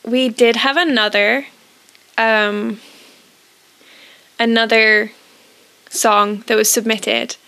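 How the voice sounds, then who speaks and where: Gentle, thoughtful woman co-host. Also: on the high side, level tone, slow pace, gravelly, long pauses, clear, resonant tone. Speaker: podcast co-host. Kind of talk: casual chat with read-aloud hymn verses.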